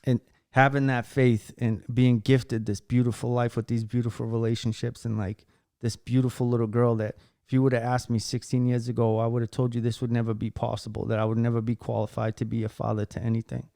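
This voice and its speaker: A man hosting a casual podcast shares a heartfelt story, rambling, cursing casually, and restarting his sentences again and again amid many fillers. His mid-range voice is gravelly and warm, brisk with little pitch movement, recorded dry at studio quality.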